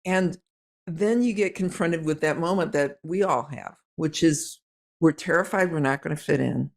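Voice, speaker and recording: Woman interviewer, gravelly voice, reflective, sums up the guest's story. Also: low voice, normal speed. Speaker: host. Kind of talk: interviewer follow-up.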